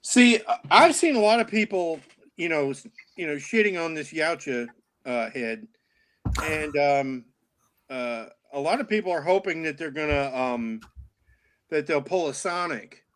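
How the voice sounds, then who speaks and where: A man's voice: fairly high pitch, animated, a little slow, fairly bright tone. Hesitant man in casual chat. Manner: hesitant, frequent fillers.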